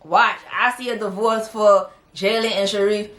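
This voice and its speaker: A woman's voice: mid-range voice, fairly even intonation, moderate pace, fairly bright tone. A woman casually recapping a TV episode, chatty and opinionated, often laughing as she talks. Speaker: TV show reviewer. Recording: roomy echo.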